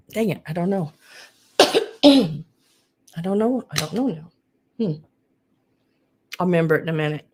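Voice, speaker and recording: A woman's voice: fairly low pitch, unhurried, pauses often, a little mellow, slight background noise. A woman with a Southern US accent hosting a live vintage sale stream, chatting casually and greeting viewers by name. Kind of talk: casual livestream chat.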